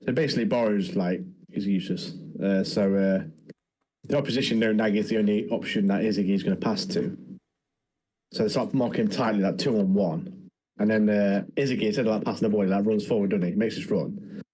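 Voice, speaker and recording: Male co-host, low husky voice, rambling casual chat. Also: steady tone, a little fast, dark tone, rough recording. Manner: chatty, strings thoughts together with many fillers. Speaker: podcast co-host.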